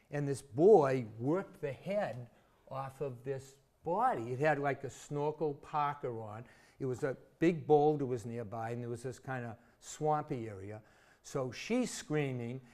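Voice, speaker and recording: A man in his sixties from Massachusetts, speaking at a mid-range pitch. He tells stories as an interview guest in a relaxed, conversational way. The stories are vivid, and he pokes fun at himself. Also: measured pace. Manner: chatty, vivid anecdotes with self-deprecating humor. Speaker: interview guest, former teacher. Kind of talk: casual storytelling in an interview.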